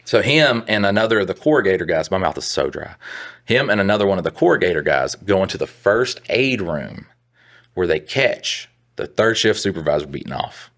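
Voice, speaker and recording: A man's voice: sits low, very animated, brisk, fairly bright tone. A young adult man co-hosting a podcast, rambling through a profane work story in casual chat. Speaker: podcast co-host.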